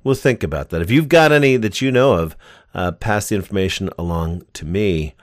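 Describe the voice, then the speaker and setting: A man's voice: low-pitched, brisk, dry recording, clean studio sound. A man hosting a podcast, chatting in a rambling, enthusiastic way. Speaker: podcast host. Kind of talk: casual interview chat.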